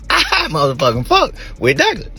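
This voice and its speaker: A man's voice: a little high, wildly swooping pitch, unhurried, bright, forceful tone. A man in a played clip, ranting and laughing, swearing in nearly every line. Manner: laughs between lines, swears constantly. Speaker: rapper speaking in a clip. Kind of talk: laughing profane rant to camera.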